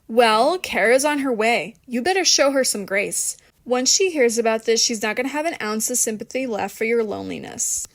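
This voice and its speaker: A woman voicing an angry young woman who scolds in a sharp, cutting, scornful way. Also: on the high side, animated, moderate pace, few pauses.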